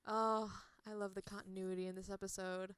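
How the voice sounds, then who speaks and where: A woman's voice: medium pitch, little pitch movement, fairly quick, smooth, no echo. A young woman co-hosting a fan podcast in casual chat, giggly and hesitant, with many "uh" and "um" fillers. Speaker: podcast co-host.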